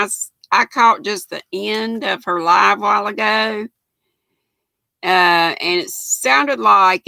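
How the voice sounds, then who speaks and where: Folksy older Southern woman with a gravelly voice. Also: fairly low pitch, sharp tone, no room sound. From Southern United States. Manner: folksy and affectionate, greets viewers by name. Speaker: host of a live crafting stream. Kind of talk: casual live-stream chat, reading viewer comments.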